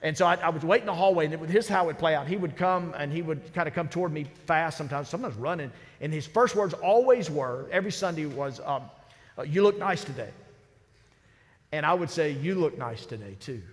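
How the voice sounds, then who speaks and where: A man's voice: on the high side, fairly quick. Preaching man in a reverberant church. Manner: storytelling, lively and conversational. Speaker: senior pastor. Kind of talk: sermon. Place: large church sanctuary. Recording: church sanctuary with long reverb.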